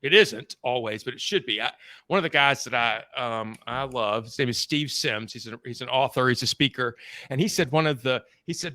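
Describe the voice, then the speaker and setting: A man's voice: mid-range voice, moderate pace, bright, forceful tone, no room sound. A man guest on a podcast interview, telling candid stories in a blunt, casual way and swearing freely. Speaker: podcast guest, sales trainer. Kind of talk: conversational storytelling interview.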